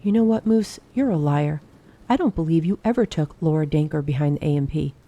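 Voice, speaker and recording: An earnest eleven-year-old girl who blurts out what is on her mind, as a woman reads her in a storybook audiobook. The voice is very dark and mellow, and it rises when she gets excited. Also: sits low, fairly quick. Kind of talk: audiobook dialogue reading.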